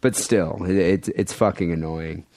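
A man's voice: deep voice, fairly even intonation, measured pace, a little mellow, no room sound. A man co-hosting a casual, crude podcast, telling a news story with joking asides. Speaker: podcast co-host.

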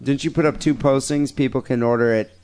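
Profane podcast host reading listener mail. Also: male voice, mid-range voice, steady tone, a little fast, background noise. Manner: crude, profane, laughing banter. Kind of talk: casual podcast chat reading listener emails.

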